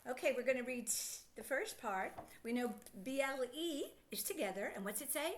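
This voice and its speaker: A middle-aged woman teaching a children's phonics lesson, sounding out words slowly and asking encouraging questions. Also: sits high, lively intonation.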